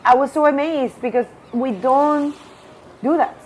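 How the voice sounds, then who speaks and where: High-voiced woman surf commentator. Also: unhurried, slight background noise, poor audio. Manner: casual, excitable, chatty. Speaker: contest commentator. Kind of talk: live sports commentary.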